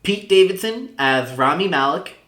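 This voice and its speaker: Bright-voiced young man chatting, echoey room. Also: high-pitched, animated. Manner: chatty, laughs often, halting restarts. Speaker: podcast co-host. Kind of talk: casual chat.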